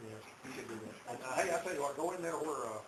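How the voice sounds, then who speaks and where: A man's voice: mid-range voice, expressive, racing, crowd noise. A male automotive instructor lecturing a class, quizzing students and drilling terms by repetition. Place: auto shop classroom. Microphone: far camera. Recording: echoey shop with loud background noise.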